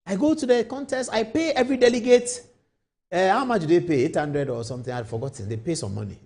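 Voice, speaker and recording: A male host speaks in a fairly high voice that swoops widely up and down. He tells a made-up story and keeps throwing questions back at his audience. The delivery is expressive and rhetorical, in the style of live late-night TV commentary. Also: fast talker, slightly rough. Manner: animated rhetorical storytelling, poses questions to viewers.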